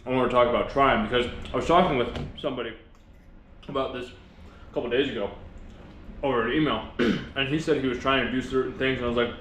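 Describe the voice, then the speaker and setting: Chewing and talking with his mouth full, a vlogger speeds through a casual motivational video at an ordinary pitch with a fairly bright tone. He's earnest but rambling, often restarting his sentences, in an echoey room with faint background noise.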